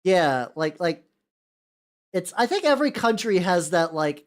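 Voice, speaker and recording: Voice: mid-range voice, big pitch swings, a little slow. A VTuber streamer chatting casually at a desk while painting, rambling with many fillers, swearing casually and greeting chat by name. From United States. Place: home workshop desk.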